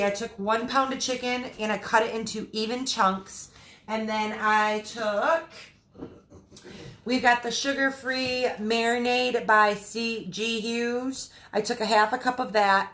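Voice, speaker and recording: Woman from Michigan, friendly live-stream cooking host, slightly high voice, roomy kitchen sound. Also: pushed and bright. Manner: chatty, greets viewers by name between recipe steps. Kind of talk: casual live cooking chat. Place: home kitchen.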